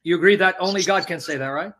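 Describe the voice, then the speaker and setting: A man's voice: high voice, fast talker, bright, forceful tone, rough recording. A man in a live religious debate, pressing his opponent with questions and reading scripture aloud. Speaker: Christian debater.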